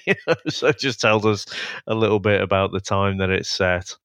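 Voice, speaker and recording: A man's voice: on the low side, moderate pace, a bit bright, clear, resonant tone, no echo, clean studio sound. A man co-hosting a TV review podcast, chatting casually and laughing often.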